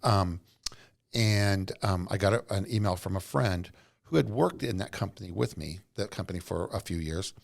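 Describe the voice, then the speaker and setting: A man's voice: low voice, normal speed, vocal fry. A middle-aged man, a podcast guest, telling earnest, rambling stories from his working life. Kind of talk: casual storytelling interview.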